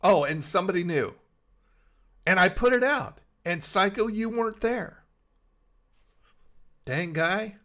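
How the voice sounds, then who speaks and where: A man's voice: high-pitched, lively intonation, measured pace, long pauses, bright, forceful tone. A middle-aged man hosting a casual live stream from his bed, rambling and chatty as he answers viewers by name. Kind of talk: casual live-stream chat, reading chat aloud. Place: in bed at home.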